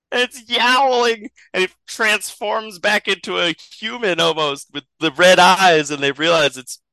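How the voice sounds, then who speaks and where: A man's voice: high voice, fairly even intonation, a little slow, hardly any pauses, pushed and bright, no room sound, poor audio. A man improvising a comedic story as a podcast host, rambling and chuckling as he goes.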